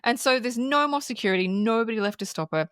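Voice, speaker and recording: A woman's voice: a little high, fast, no echo, studio quality. A woman co-hosting a podcast, casually recapping a film scene by scene, acting out the characters' lines and swearing freely. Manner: animated storyteller who acts out quotes and swears freely. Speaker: podcast co-host.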